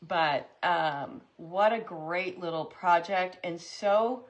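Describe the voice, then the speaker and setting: A woman's voice: lowish voice, slow pace, highs cut off. A woman hosting a live craft tutorial, chatting with viewers in an upbeat way while she works. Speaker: craft host.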